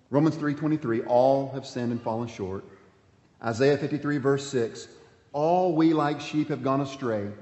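A man pastor preaching a sermon, swinging between emphatic points and hushed, quiet passages. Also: mid-range voice. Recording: echoey hall, dull sound.

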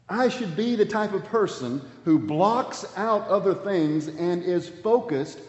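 A man's voice: high-pitched, lively intonation, unhurried, few pauses. Man preaching in an echoey hall. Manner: emphatic preaching, swinging from loud to hushed. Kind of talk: sermon. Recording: dull, echoey hall sound.

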